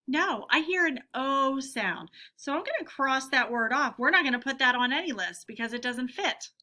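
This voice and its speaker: A woman teacher giving a phonics lesson to young children, saying each word slowly and clearly twice. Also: high-pitched, animated, sharp tone. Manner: slow, clear word-by-word dictation.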